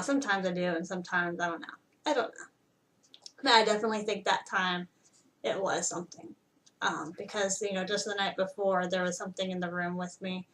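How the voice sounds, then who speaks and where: A woman's voice: mid-range voice, distant mic. A young woman telling a personal story in a rambling, casual way, with lots of fillers and restarts. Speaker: vlogger. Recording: voice a bit off-mic.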